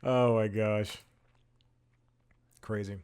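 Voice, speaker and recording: A man's voice: lowish voice, flat delivery, very slow, a little mellow, smooth. A man hosting a casual comedy recap show, telling stories in a rambling, self-interrupting way. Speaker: host.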